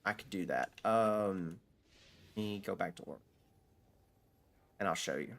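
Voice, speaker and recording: A man's voice: low voice, measured pace, creaky. A man streaming a video game, chatting casually and rambling with lots of restarts and fillers as he answers viewers. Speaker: gaming streamer. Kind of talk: casual live-stream chat while gaming.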